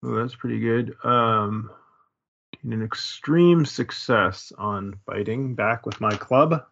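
A man's voice: medium pitch, slow pace, gravelly, a bit bright. A man playing a tabletop game casually, thinking aloud with hesitant restarts. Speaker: player. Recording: dull lo-fi recording.

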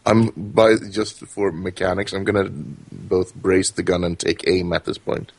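A man playing a tabletop role-playing game, stating his moves in a deliberate, careful way. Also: sits low, fairly even intonation, creaky, husky, no echo. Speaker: player.

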